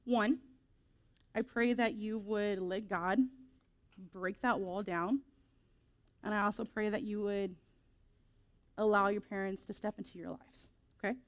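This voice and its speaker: A woman speaking to teenagers in a casual, lively youth group talk, reading scripture and acting out quick quoted voices. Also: medium pitch.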